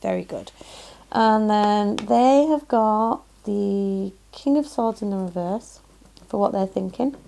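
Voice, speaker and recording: A woman's voice: mid-range voice, lively intonation, slow pace, gravelly, dark tone. A woman with a Yorkshire accent giving a chatty, effusive pick-a-card tarot reading, full of "um"s and exclamations of delight. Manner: chatty and effusive, frequent "um"s and "lovely". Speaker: tarot reader.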